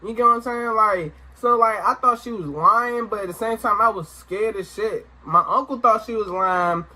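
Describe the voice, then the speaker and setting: A young adult man telling a story to camera in a casual, animated way, swearing and exclaiming as he goes. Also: sits high, moderate pace. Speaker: storytime vlogger. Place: indoor room, sit-down recording.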